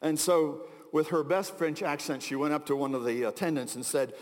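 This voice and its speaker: Middle-aged American male pastor, high voice, casual storytelling sermon, hall reverb. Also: moderate pace. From United States. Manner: conversational storytelling with asides and chuckles. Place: large hall.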